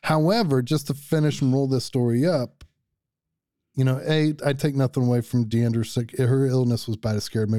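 A man in his fifties with a mellow, dark tone tells a story with animated exasperation. His voice is dry and close to the mic. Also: mid-range voice, no room sound. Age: 50s. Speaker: podcast guest. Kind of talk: casual storytelling.

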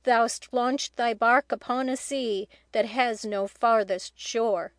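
A woman's voice: fairly high pitch, fairly even intonation, slow pace, no echo. A woman reading the part of a remorseful, earnest young boy in an audiobook, with only a slight lift of her voice.

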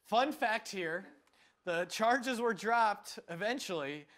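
A man's voice: sits high, expressive, takes it slowly, a bit bright. A man hosting a comedy quiz show, playful and laughing often as he jokes with his panel. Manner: playful, laughs often, acts out silly bits.

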